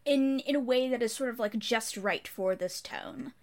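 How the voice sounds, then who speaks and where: A woman's voice: fairly high pitch, moderate pace, a little mellow. A woman co-hosting a book-club podcast in casual chat, walking through a story summary and firmly explaining her view. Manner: summarizes at length, then pushes back firmly in debate. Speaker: podcast co-host.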